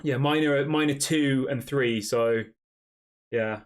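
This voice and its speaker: A man's voice: mid-range voice, slow. A young man casually hosting a football live stream, reading fan chat aloud and answering with lots of fillers and restarts. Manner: conversational, reads chat questions aloud, frequent fillers.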